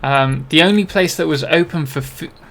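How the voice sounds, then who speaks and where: This young British streamer talks at normal speed in a fairly high, slightly bright voice, with a bit of hiss or hum in the recording. Chatting casually as he plays, he rambles, jokes at his own expense, and fills the talk with ums and restarts.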